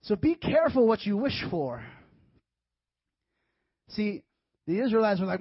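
A man's voice: sits high, measured pace, pauses often, slightly rough, no room sound, highs cut off. A man preaching a casual, joking sermon to young adults, acting out voices and slipping in asides. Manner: animated, acts out voices, jokey asides. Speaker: youth pastor.

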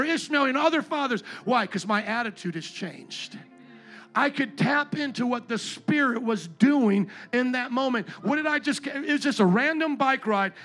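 Pastor, male, thirties, high voice, passionate sermon with faint music behind. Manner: impassioned, swings from quiet storytelling to loud exhortation.

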